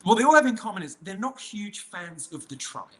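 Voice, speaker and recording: Guy with a bright tense voice, kinda high, rambles and restarts a lot, mocking tone. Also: very animated, brisk. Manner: rambling, with many restarts and fillers; mocking, provocative. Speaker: interview guest. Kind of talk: casual interview conversation.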